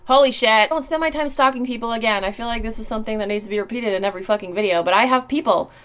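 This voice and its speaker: A woman's voice: a little high, rapid-fire, a bit bright. A woman YouTuber reading and answering mean comments in a blunt, sarcastic, profane way. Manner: blunt, sarcastic, swears often. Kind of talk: casual vlog reading comments.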